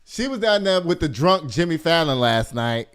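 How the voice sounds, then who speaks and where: This is a man hosting a gossip news show, sassy and lively, with frequent laughter. His voice is clear and smooth and sits slightly high for a man. He talks to his listeners as y'all. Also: normal speed. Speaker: host. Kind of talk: casual gossip news commentary.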